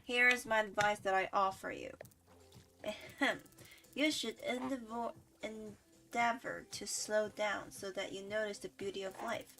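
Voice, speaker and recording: A woman puts on a snooty, refined lady customer in a video game. She is pompous and condescending, with stiff, formal wording. Her delivery is slow and hushed over soft game music. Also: medium pitch, steady tone. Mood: haughty.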